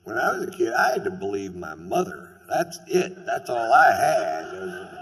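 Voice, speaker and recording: A man with a Texan accent telling stories in a stand-up comedy routine, drawling and deadpan, trading loud shouted bits for low mutters, on a stage microphone before a live theater audience. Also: moderate pace, creaky, long reverb tail, a little hiss or hum.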